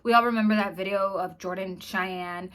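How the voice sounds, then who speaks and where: A woman's voice: mid-range voice, fairly even intonation, moderate pace, a bit bright. A woman hosting her own channel, talking casually and bluntly to camera with open disgust. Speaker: commentary vlogger host.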